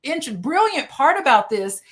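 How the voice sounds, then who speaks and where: A woman on a discussion panel, explaining a point in a measured way with some fillers. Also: sits high, big pitch swings, fairly bright tone.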